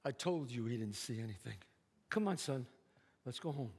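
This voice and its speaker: A man from New voicing a protective working-class father who speaks slowly and quietly, low and firm, recorded on stage. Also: animated, breathy edge, big-room sound.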